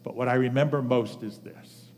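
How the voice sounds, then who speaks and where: A man's voice: mid-range voice, fairly even intonation, darkish tone. Older man preaching in a reverberant hall. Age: 70s. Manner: earnest personal storytelling with measured pauses. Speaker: pastor. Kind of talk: sermon. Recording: long reverb of a large hall.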